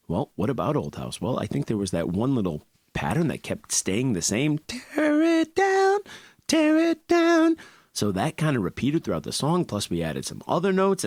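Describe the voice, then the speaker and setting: A man's voice: on the low side, dry recording. A man teaching an online music class, playful and upbeat, mixing sung lines with spoken explanation. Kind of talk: online music lesson with singing.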